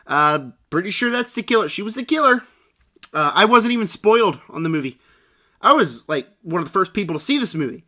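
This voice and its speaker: A young man giving an animated, sarcastic spoiler review of a movie. He keeps slipping into mocking voices for the characters. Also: sits high, brisk.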